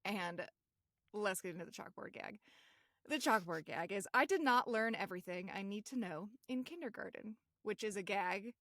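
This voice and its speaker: Chatty woman cohost, bright tense voice, dry close sound, laughs a lot. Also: medium pitch, lively intonation, moderate pace, no room sound. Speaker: podcast co-host. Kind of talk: casual chat.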